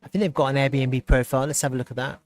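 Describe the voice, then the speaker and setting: A man hosting a live stream, chatting casually and reacting with excitement and frequent laughter as he browses. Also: mid-range voice, racing, no room sound. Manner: excitable, laughs often, thinks aloud while browsing. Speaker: livestream host.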